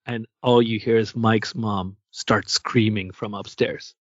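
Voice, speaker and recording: A man from Canada co-hosting a podcast, telling a story casually and acting out the quotes with lively energy. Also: lowish voice, measured pace, no echo, dull audio. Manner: animated storyteller who acts out quotes. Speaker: podcast co-host.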